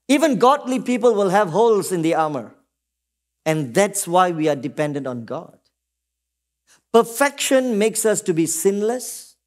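A middle-aged Singaporean pastor preaches a sermon to his congregation in a voice that sits high and sounds a little mellow. He keeps asking "Amen?" and slips into brief quoted voices while he teaches.

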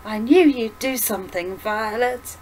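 A woman reading aloud and voicing a gentle, grieving elderly mother who talks softly and slowly. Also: on the high side, slight background noise, close to an everyday voice. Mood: warm. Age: older. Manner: soft, slow and tender.

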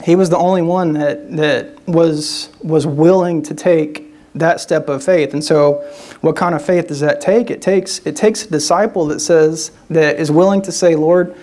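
A man's voice: fairly high pitch, steady tone, unhurried, darkish tone. A man giving a sermon as a guest speaker, talking conversationally, often restarting phrases and checking in with the listeners. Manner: conversational preaching with frequent "right?" tags and restarts.

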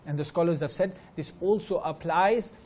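A man with a fairly high voice gives a religious lecture at a teaching gathering. He tells stories earnestly, repeats his key phrases for weight, and slips into fluent Arabic recitation. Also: moderate pace, a little mellow, a little hiss or hum. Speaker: Islamic teacher giving a talk.

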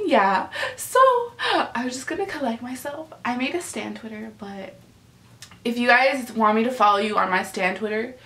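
Young woman, reaction vlogger: bright, slightly high voice, excitable and foul-mouthed, echoey home room. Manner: gushing, swears freely, slangy, repeats herself. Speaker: vlogger reacting to a music video. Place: at home, just woke up.

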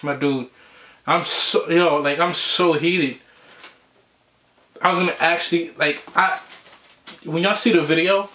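A man's voice: fairly high pitch, bright, forceful tone, echoey room. A sneaker vlogger man ranting casually in slang, repeating himself as he shows a shoe. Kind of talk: casual unboxing rant.

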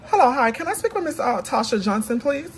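A polite woman bill collector who hesitates as she speaks, with a fairly high voice. Faint typing and room ambience sit behind her. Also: big pitch swings, a little fast, slight background noise, poor audio.

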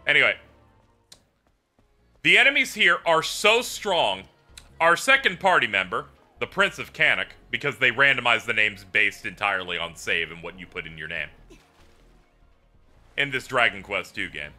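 A man livestreaming and chatting casually about a game, telling it as an animated story with swearing and laughter. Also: mid-range voice, moderate pace, pauses often, soft background music. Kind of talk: casual gameplay chat.

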